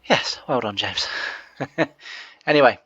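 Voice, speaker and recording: A man's voice: mid-range voice, expressive, takes it slowly, pushed and bright, breathy edge, no echo, lo-fi sound. A man giving casual, rambling gameplay commentary on a farming game, full of fillers and asides.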